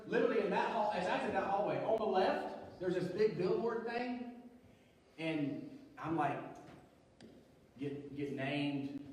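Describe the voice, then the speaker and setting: A male pastor tells a humorous story during a sermon, joking and animated as he acts out other people's voices. His voice is a little high with slight hiss or hum, and he is far from the mic in a large, echoey church hall.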